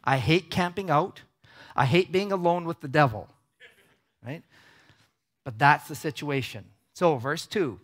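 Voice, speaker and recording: A man preaching a casual, conversational sermon with a slightly higher voice than most men. He keeps checking in with his listeners, and he speaks in a cinema hall. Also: unhurried, long pauses, a bit bright. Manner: conversational preaching, frequent "right?" checks with the audience. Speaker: pastor. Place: large cinema auditorium.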